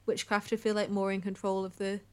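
A woman's voice: mid-range voice, completely flat delivery, a little fast, smooth. A woman co-hosting a casual podcast chat, talking chattily and saying "like" often. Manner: chatty, heavy use of "like". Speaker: podcast co-host.

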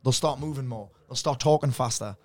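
A man's voice: mid-range voice, brisk, no room sound. A man, a mindset coach chatting casually on a podcast, swearing freely and acting out quotes as he tells stories. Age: 40s. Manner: swearing, animated storytelling with quoted voices.

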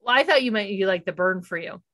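A middle-aged woman co-hosting a podcast, chatting casually and telling animated stories with bursts of laughter. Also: medium pitch, quick pace. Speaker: podcast co-host. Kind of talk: casual chat.

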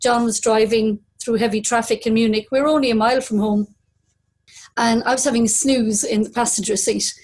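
A woman's voice: fairly high pitch, steady tone, fairly quick, a little mellow, low-quality recording. A middle-aged woman telling a true story at a live storytelling event, vivid and dramatic. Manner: vivid, dramatic retelling with acted quotes.

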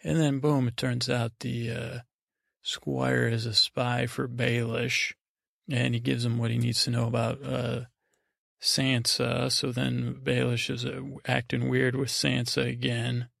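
A man with a very gravelly, fry-heavy voice rambles through a bedtime recap as a podcast host. His delivery is flat and monotone, full of hesitant fillers and wandering restarts, recorded close and dry. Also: medium pitch, unhurried, no echo. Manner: meandering, hesitant, lots of fillers.

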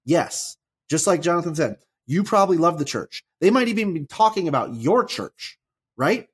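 A man's voice: on the high side, animated, moderate pace, husky. A man in his thirties, a father, chatting on a faith podcast who tells stories with animation and often restarts his sentences. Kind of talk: casual faith podcast chat.

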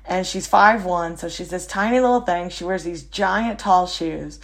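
Brief: woman, lowish voice, casual podcast storyteller, self-deprecating. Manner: chatty, self-mocking, quick asides. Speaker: podcast host.

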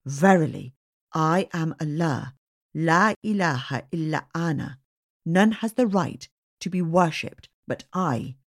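A woman reading the words of a solemn, commanding divine voice in her own slow, breathy tone. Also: fairly low pitch, a little mellow, full character voice.

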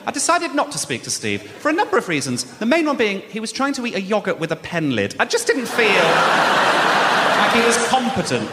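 Animated stand-up comic in a live venue. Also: male voice, high-pitched, fairly quick. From English Midlands. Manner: animated storytelling, laughs into lines. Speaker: stand-up comedian. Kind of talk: stand-up comedy routine. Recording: live venue reverb with audience noise.

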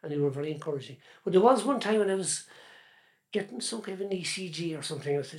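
A man's voice: high-pitched, expressive, quick pace. An older man from Cork with a Cork Irish accent, a folk singer and columnist chatting in an interview, rambling and restarting his words often. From Cork, Ireland. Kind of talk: casual interview chat.

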